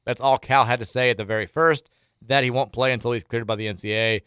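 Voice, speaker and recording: A man's voice: medium pitch, steady tone, quick pace, fairly bright tone, clear, resonant tone, no echo. A man hosting a sports radio show in a studio, reading out listener texts in a loose, rambling way with frequent restarts and chuckles.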